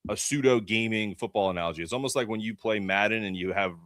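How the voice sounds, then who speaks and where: A man's voice: lowish voice, quick pace, a bit bright, no echo, studio quality. A man co-hosting a sports podcast, laid-back as he breaks down basketball plays. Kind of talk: casual sports podcast chat.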